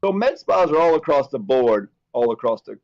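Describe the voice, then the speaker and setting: A man's voice: medium pitch, moderate pace, vocal fry, muffled recording. A man co-hosting a casual chat show, telling stories as a hair replacement specialist. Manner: chatty storyteller, animated.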